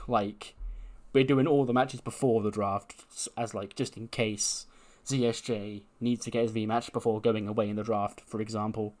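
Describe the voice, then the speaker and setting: Brief: casual male let's-play host, chatty, loose, full of fillers. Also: medium pitch. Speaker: game commentator.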